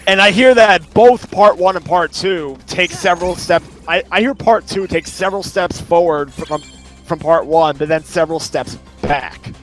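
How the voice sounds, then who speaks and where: A man's voice: sits high, normal speed, a bit bright, faint music behind. Rambling young-sounding man hosting a let's play. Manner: rambling, lists details at length. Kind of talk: casual chat over gameplay.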